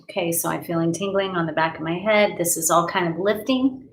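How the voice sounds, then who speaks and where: A woman's voice: on the low side, a little fast, low-quality recording. A woman healer and life coach leading a live healing session from her home, guiding breaths, sighs and affirmations in a soothing way.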